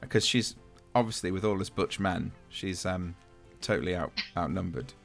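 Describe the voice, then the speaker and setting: A man's voice: deep voice, normal speed, vocal fry, a bit bright, soft background music. A man in his thirties hosting a podcast, chatting casually and teasing his co-hosts. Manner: joking, teasing. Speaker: podcast host. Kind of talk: casual chat.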